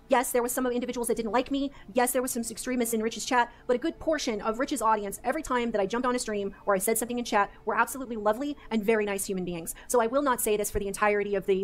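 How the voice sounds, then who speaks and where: Woman creator, earnest aggrieved monologue, quick and slightly high. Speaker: content creator making a statement video. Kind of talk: monologue to camera.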